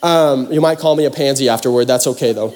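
A young male pastor from the Pacific Northwest, telling a camp story in a sermon with animated, self-mocking drama. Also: medium pitch, fast talker. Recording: hall reverb.

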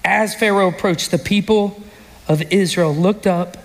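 Male pastor, high voice, animated sermon with shouted peaks, recorded in a hall with long reverb. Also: unhurried. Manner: animated storytelling, bursts into shouts. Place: church sanctuary.

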